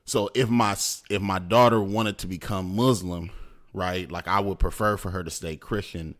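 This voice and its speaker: A man's voice: deep voice, steady tone, moderate pace. A man co-hosting a podcast in casual chat, explaining at an easy pace and checking in with "right?" and "you know what I'm saying". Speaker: podcast co-host.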